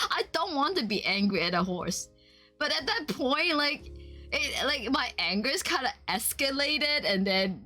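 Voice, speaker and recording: A woman streamer chatting casually while she draws, telling a story in an animated way with frequent laughter. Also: high-pitched. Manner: animated storytelling, laughs often, voices quotes.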